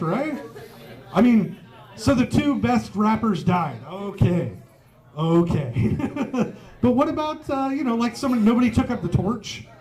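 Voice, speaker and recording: A stand-up comedian whose voice sits high and a little mellow performs at a pub, a live audience faint in the background. Profanity flows easily, and he laughs along at his own gags.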